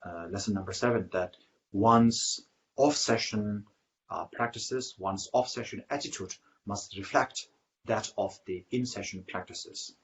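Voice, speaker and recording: A man teaching as a Buddhist teacher in a dharma talk, telling a story in a halting way with many fillers and restarts. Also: fairly low pitch. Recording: muffled lo-fi recording.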